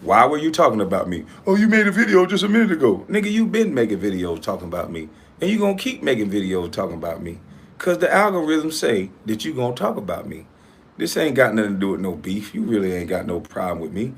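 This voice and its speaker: A YouTube host rants on his own online show, heated, profane, and combative, lurching between loud outbursts and low muttering. He talks fast with big pitch swings and a breathy edge.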